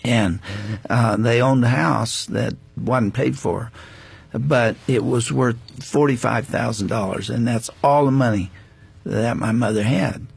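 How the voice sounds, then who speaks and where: An older man, a guest on a faith interview show, telling a personal story in an earnest, reflective way with frequent pauses and restarts. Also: mid-range voice, vocal fry, a little mellow, slightly rough, dry recording.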